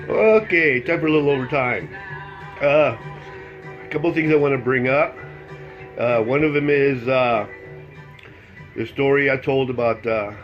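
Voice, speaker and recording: A man tells a long shaggy-dog joke in a loose, rambling way, jumping into the characters' voices as he goes. The recording sounds dull and lo-fi, with music playing clearly behind him. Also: mid-range voice. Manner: rambling, acts out voices, laughs at own jokes. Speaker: joke-telling host. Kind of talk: casual joke telling.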